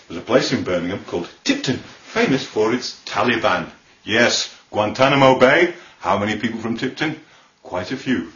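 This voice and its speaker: British man, comic monologue, deadpan asides, lively voice, roomy distant dull sound. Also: fairly low pitch, moderate pace. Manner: deadpan asides, keeps saying "okay". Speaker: comedian. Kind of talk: comic monologue touring accents.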